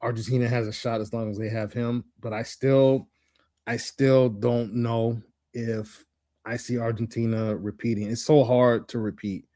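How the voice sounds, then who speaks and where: Guy on a sports podcast, talks in stops and starts, lots of you know, mid-pitch, dry sound. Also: flat delivery, mellow, no room sound. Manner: halting, many restarts and "you know"s. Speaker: podcast co-host. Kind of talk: casual sports chat.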